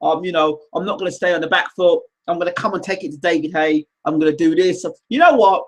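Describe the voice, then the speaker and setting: A man hosting a casual live show, reading viewer comments aloud in an animated, teasing, rambling way. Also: a little high, fast talker. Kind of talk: casual livestream chat.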